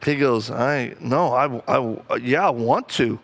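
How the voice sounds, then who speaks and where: A man preaching a sermon, telling personal stories and acting out the people in them with lively, animated delivery. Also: mid-range voice, measured pace. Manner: animated, acts out quoted people, laughs often.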